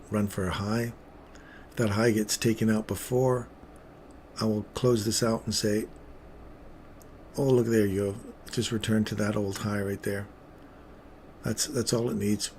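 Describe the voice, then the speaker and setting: Low-voiced chatty male stream host. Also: darkish tone, a little hiss or hum. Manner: rambling, chatty, drifting between topics; playful asides to the viewers. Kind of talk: live trading commentary.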